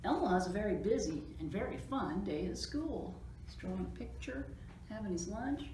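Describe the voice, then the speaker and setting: A woman librarian reading a picture book aloud to children, with animated, chatty asides about the pictures. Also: medium pitch, normal speed. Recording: roomy echo, distant mic, faint noise.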